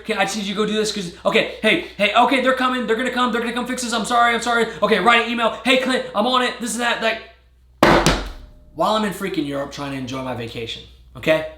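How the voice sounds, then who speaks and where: A man telling his story casually to camera as a fitness and keto vlogger, animated and talking straight to his viewers. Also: on the high side, roomy sound. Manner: animated, addresses viewers as guys, bursts of excitement.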